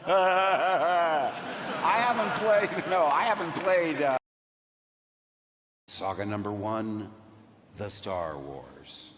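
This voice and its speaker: A man speaking as a panel guest, telling animated stories to a crowd and acting out quotes in different voices. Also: fairly high pitch, very slow, pauses often. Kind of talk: anecdotal storytelling to a crowd. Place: large convention hall. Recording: echoey convention hall, faint hum.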